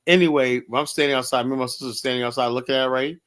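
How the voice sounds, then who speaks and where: An American man talks in a loose, rambling way, cursing and drifting into asides. His voice sits at an ordinary middle pitch. It's casual, opinionated chat. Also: steady tone, racing, fairly bright tone. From United States. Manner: loose rambling talk, swears, trailing asides.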